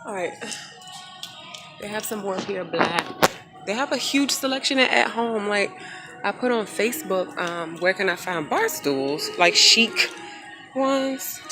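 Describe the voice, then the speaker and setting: A woman chatting casually and excitedly to her phone camera as she browses a large home decor store. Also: medium pitch, normal speed. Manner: chatty, excitable, thinks aloud. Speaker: vlogger. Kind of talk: casual shopping vlog. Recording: store background music. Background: store music playing.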